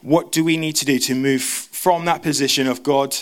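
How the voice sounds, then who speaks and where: A man preaching a sermon, talking fast with frequent restarts and stumbles. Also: fairly high pitch, steady tone. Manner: fast, stumbling, self-interrupting.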